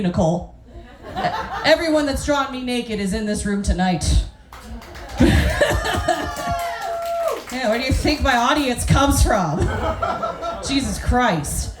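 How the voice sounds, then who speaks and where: A woman in her thirties doing a brash, self-mocking stand-up set with crude punchlines, on a club stage with a handheld mic. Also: sits high. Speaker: stand-up comedian. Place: comedy club stage with live audience. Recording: echoey club with audience noise.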